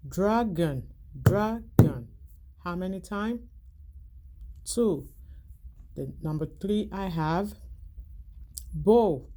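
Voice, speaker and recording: Lady teacher doing syllables with little kids, low mellow voice, bit of hiss. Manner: calls out each word loudly and slowly, then quietly asks how many syllables. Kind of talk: language arts lesson for young children.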